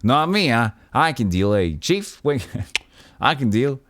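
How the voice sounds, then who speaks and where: A man voicing a cheeky, excitable floating male skull that wisecracks. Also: mid-range voice, slow, pitched above the performer's own voice.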